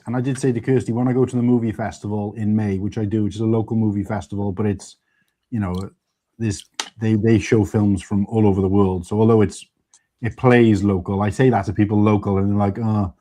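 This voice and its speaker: A man's voice: fairly low pitch, fairly even intonation, a little fast, mellow. A man from Wales hosting a live stream, chatting casually in a rambling way and laughing often. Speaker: stream host. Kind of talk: casual chat.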